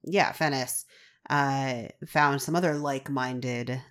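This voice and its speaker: Deep-voiced relaxed woman co-host. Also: slow. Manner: relaxed, steers to next character. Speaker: podcast co-host. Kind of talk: casual book chat.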